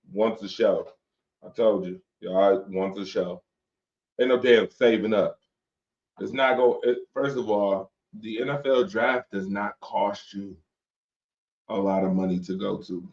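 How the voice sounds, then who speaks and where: A man's voice: lowish voice, steady tone, unhurried, darkish tone. A man hosting a late-night sports talk stream, joking loosely and reading viewer comments aloud. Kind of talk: casual chat with viewers. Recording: dull lo-fi stream audio.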